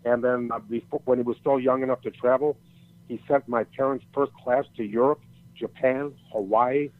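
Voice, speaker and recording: Through tinny, phone-like audio, an older man with a steady, medium-pitched voice talks at normal speed. He's a storyteller guest rambling through a long story in casual conversation, cursing freely and restarting his sentences a lot.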